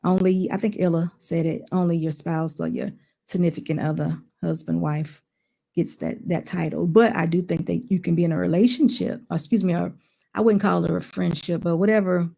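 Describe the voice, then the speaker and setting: A panelist giving a measured opinion in a casual discussion, pausing often with "um". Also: mid-range voice, fairly even intonation, creaky, mellow. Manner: measured, hesitant with "um".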